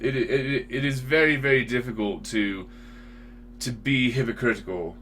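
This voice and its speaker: A man's voice: mid-range voice, moderate pace, fairly bright tone, a little hiss or hum. A man hosting a casual talk show, ranting with swearing and rhetorical questions. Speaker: podcast host. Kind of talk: casual political chat.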